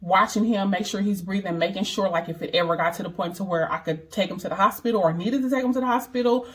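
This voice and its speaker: A woman's voice: mid-range voice, fast talker. A woman vlogger telling a personal story in casual, chatty talk, emphatic and earnest, often asking "you know what I mean".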